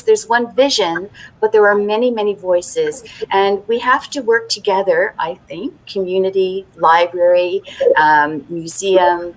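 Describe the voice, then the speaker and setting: Library woman on a video panel, earnest, measured, mid pitch. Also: poor audio. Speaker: library representative. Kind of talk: panel discussion.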